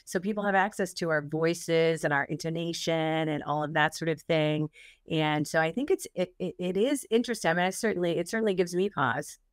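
A woman hosting an interview, asking questions in a relaxed conversational way. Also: low-pitched, fairly quick, no room sound, clean studio sound. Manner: conversational, asks questions, frequent agreeing. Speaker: host. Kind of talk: casual interview talk.

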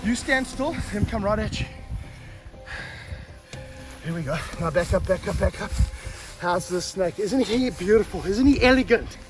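A man hosting an energetic outdoor snake-handling demonstration to camera. He talks with excitement and breaks into whooping calls. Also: high-pitched, moderate pace, long pauses, soft background music. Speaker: snake handler and show host. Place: outdoors on grass in hot weather.

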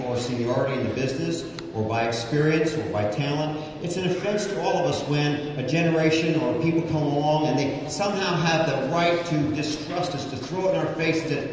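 A man's voice: a little high, darkish tone, a little hiss or hum. Emphatic male preacher in echoey arena. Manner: emphatic, dramatic swings in pace. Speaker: preacher and horse trainer. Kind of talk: sermon with live horse demonstration. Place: indoor horse arena. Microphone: distant mic. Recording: distant mic in echoey arena.

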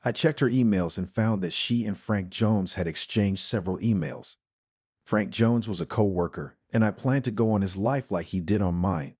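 A man narrating a first-person story in a plain, steady voice-over. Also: on the low side, normal speed, slightly rough, no room sound, clean studio sound.

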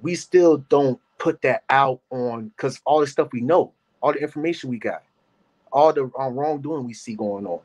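Man in his 30s, reaction-show host, casual rambling delivery, moderate pitch. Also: moderate pace. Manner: animated, rambling, talks to chat by name. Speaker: commentary host.

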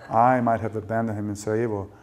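A man reads his own fiction aloud to a lecture audience in a low voice. His delivery is measured and dry, and he lets each sentence land. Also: little pitch movement, a little mellow, a little hiss or hum. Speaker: novelist reading his work. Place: lecture event.

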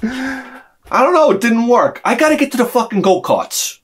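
Loud, ranting man with a lively voice. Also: extremely high pitch, moderate pace, slightly rough. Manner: swings from mutters to loud shouted outbursts; profane and sarcastic. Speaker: vlogger. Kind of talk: rambling comic rant to camera.

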